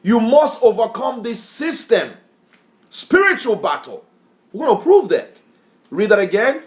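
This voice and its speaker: A man's voice: sits high, sing-song, a little slow. A man preaching and teaching scripture, emphatic, quizzing his reader with repeated questions in a call-and-response style. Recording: echoey room.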